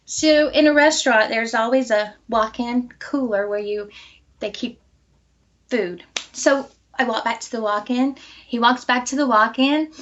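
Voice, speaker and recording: A woman being interviewed, telling a personal story and acting out quoted dialogue with lively energy. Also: high voice, highs cut off, a little hiss or hum. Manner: animated, acts out quoted dialogue.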